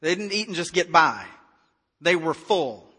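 A man preaching a sermon as pastor, in a conversational, animated way with acted-out dialogue. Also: fairly high pitch, a little slow, breathy edge, big-room sound.

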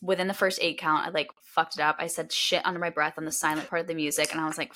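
A woman's voice: low voice, fairly even intonation, fast, bright, forceful tone. A woman in her twenties co-hosting a podcast, telling candid stories and acting out what others said. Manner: candid storytelling, acts out quoted voices, laughs easily. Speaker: podcast co-host. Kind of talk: casual chat.

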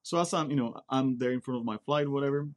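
A fast-talking man with a medium-pitched voice, a native Czech speaker from the Czech Republic, is an Air Force member appearing as a guest in a casual interview. He is blunt and direct and keeps repeating words.

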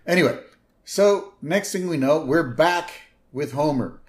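A man co-hosting a podcast, casually recapping a cartoon episode and briefly mimicking its characters. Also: unhurried. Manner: retells scenes, briefly mimicking characters in higher voices. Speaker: podcast co-host.

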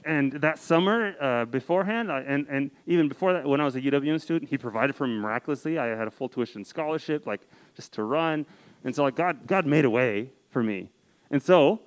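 A campus ministry speaker in his twenties delivers a sermon to a campus group, recorded with poor audio. His mid-range voice tells a personal story earnestly, sprinkled with casual "like" fillers.

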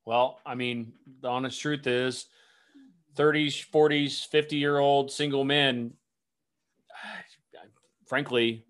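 A podcast co-host with a voice sitting in the middle range. The talk is blunt and opinionated, full of swearing, and sometimes picks up into quick rants. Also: medium pitch, fairly even intonation, a bit bright. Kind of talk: casual chat.

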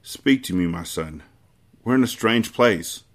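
A man voicing a weakened vampire father, newly awakened, speaking slowly and haltingly in a read-aloud novel. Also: fairly low pitch, lively intonation. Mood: tender.

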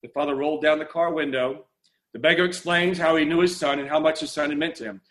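Earnest preacher, dramatic pacing. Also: male voice, on the high side, fairly even intonation, quick pace, a bit bright. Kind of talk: sermon storytelling.

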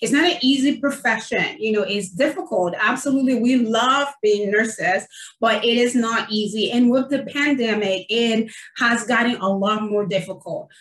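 Woman host and nurse, effusive and chatty, slightly high, roomy far-off sound. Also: normal speed, fairly bright tone. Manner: effusive, many fillers, emotional. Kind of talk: casual online interview. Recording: roomy, distant from the mic.

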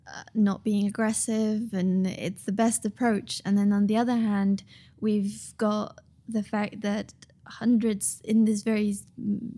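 A woman speaks in a mellow, warm tone as a podcast guest. She talks thoughtfully and earnestly, pausing often with small fillers as she works through her ideas in a relaxed conversation. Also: medium pitch. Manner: thoughtful, earnest, many ums and restarts. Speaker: author and guest.

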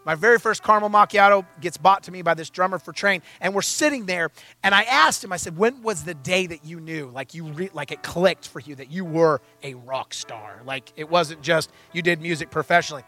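A young man delivers a storytelling sermon, acting out each person's lines as he goes. His voice sits high and comes across bright and forceful. Soft music plays faintly under him. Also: brisk. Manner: animated storyteller acting out dialogue. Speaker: pastor.

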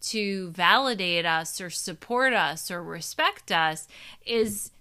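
A woman's voice: on the low side, takes it slowly, bright, forceful tone. A woman with a New Jersey accent giving a candid, casual self-help talk to her community, swearing now and then. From New Jersey, USA. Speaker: personal growth host. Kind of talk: casual monologue.

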